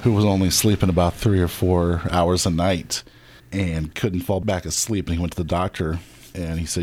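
A middle-aged man hosts a relaxed podcast interview in a deep, low voice. He rambles a little and restarts his sentences as he talks. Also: moderate pace. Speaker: podcast host. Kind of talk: casual interview.

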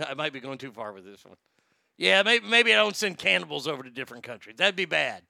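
A man hosting a talk show, delivering a crude, mocking political rant with loud swagger. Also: a little high, big pitch swings, quick pace, gravelly, no echo.

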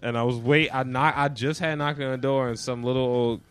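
A man's voice: mid-range voice, fairly even intonation, brisk, fairly bright tone, clean tone, soft background music. Laid-back man telling casual stories. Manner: laid-back storytelling, slangy, jokey. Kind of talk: casual chat.

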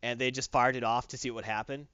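A man's voice: mid-range voice, fast, smooth, no room sound. A man hosting a podcast, recapping a comic book casually with lots of fillers. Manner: animated storyteller, many fillers. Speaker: podcast host. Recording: dull, dry lo-fi recording.

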